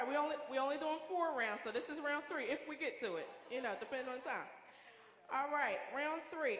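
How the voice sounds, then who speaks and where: A woman hosting a game show at a church event, chatty and playful, with apologetic asides to the contestants. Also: high voice. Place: large church hall with a congregation. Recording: echoey hall with long reverb and crowd noise.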